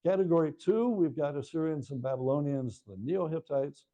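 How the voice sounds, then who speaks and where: A man's voice: on the high side, normal speed, warm tone, lo-fi sound. An older man giving a lecture about his book to a live audience, telling stories with chatty asides to the listeners. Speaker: author giving a book talk.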